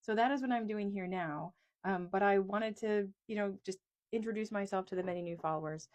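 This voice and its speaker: A woman's voice: mid-range voice, a little fast, darkish tone. A woman from East Texas, an economist, talking casually and frankly to camera, joking at her own expense, recorded in a small closet on a lapel mic. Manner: chatty, self-deprecating, frank. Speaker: economist and video creator. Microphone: lapel mic clipped on a pencil.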